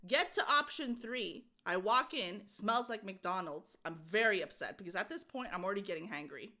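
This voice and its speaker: Young woman co-host, bright tense tone, animated storyteller who does the voices. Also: medium pitch, moderate pace. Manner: animated, acts out quoted voices, laughs often. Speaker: podcast co-host. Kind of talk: casual storytelling chat.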